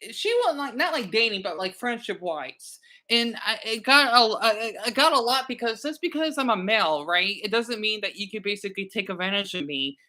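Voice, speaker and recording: A man's voice: high voice, animated, fairly quick, few pauses, pushed and bright. A man streaming live, chatting casually in a rambling way, stammering and repeating words as he goes.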